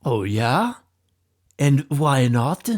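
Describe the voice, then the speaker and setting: A man's voice: medium pitch, pitched above the performer's own voice. A man doing an angry bossy gang leader. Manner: yelling, insulting, slow and heavy.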